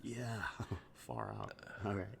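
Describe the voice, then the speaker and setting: A man's voice: on the high side, lively intonation, warm tone. A man doing a mumbly stoner dude. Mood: spaced-out. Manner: slow, mumbly, spaced-out. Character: dopey laid-back stoner auditioner, young man.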